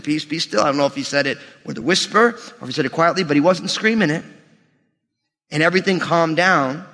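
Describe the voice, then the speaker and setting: A man preaching a sermon, animated and joking with the congregation, swinging from shouts down to near whispers. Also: sits high, in a large hall. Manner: humorous asides to the congregation. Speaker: pastor.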